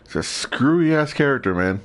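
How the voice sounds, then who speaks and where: A man's voice: medium pitch, lively intonation, moderate pace. A young man streaming a video game, joking and sarcastic as he comments and reads lines in a put-on accent.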